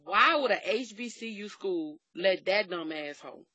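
Woman, middle-aged, casual chat, blunt, profane, animated storyteller, dry sound. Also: medium pitch, normal speed, no room sound, lo-fi sound.

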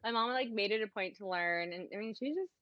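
A woman's voice: mid-range voice, quick pace, no echo, highs cut off. A young American woman, a podcast guest, telling a long personal story in casual chat. She talks animatedly, acts out the dialogue she quotes and says "like" often.

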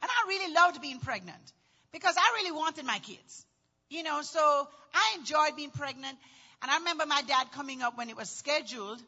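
A woman in middle age telling a personal story in a dramatic, animated way, acting out voices and often shouting. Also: high voice, normal speed, dull audio. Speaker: storyteller recounting childbirth.

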